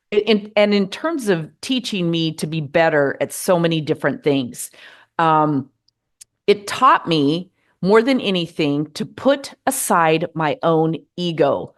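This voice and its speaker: Calm, earnest American woman giving advice. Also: on the low side. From United States. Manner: earnest, measured, gently encouraging. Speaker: podcast host. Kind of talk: reflective advice monologue.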